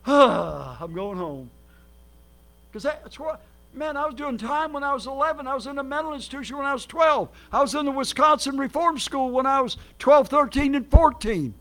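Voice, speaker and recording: High-voiced, animated male preacher. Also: fairly quick. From Minnesota, United States. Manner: animated storyteller, acts out quotes, swings loud and soft. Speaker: guest preacher. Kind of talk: sermon.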